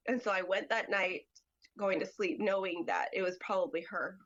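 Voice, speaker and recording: A woman guest on a podcast, telling a personal story in a halting way, full of "like" and "you know". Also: mid-range voice, fairly even intonation, fairly bright tone, muffled recording.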